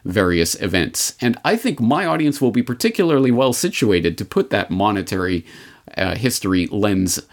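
A man hosting a history commentary show, speaking in a measured, deliberate way with sardonic asides. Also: on the low side, big pitch swings. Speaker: podcast host.

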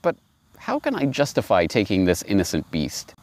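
A man's voice: fairly low pitch, huge pitch swings, normal speed. A man voicing a hungry, cross wolf in a spoken fable reading, sly and blustering. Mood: scheming.

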